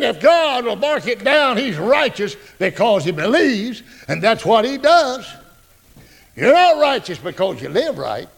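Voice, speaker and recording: A male pastor preaching a folksy, joking, animated sermon. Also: sits high, measured pace, creaky.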